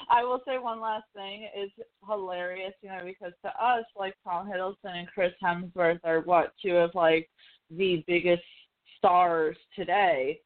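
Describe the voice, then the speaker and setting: A chatty podcast host rambles through pop-culture chat, heavy on fillers and casual swearing. The voice sits in a middle pitch. It comes through a narrow, phone-like line. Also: fairly even intonation, a little slow.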